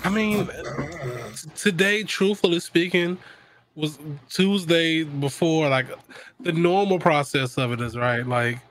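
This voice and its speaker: A man co-hosting a casual podcast chat, excitable and quick to laugh. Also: a little high. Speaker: podcast co-host.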